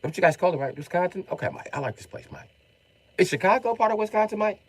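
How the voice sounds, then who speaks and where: A man's voice: high voice, very animated, fast talker, pitched above the performer's own voice, heavily acted. A man putting on a chummy London bloke who tacks "mate" onto every sentence.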